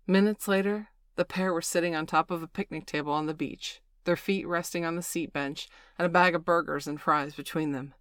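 A woman reads a novel aloud in a steady, measured manner. Her voice sits low, and the sound is dry and close with no room around it. The tone is plain audiobook narration. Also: no room sound.

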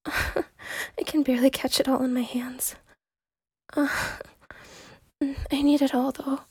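A woman voicing an eager, devoted young secretary in a whispered role-play, with a breathy, pleading, intimate delivery. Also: sits high, little pitch movement, slow, no echo, heavily acted. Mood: breathless pleading.

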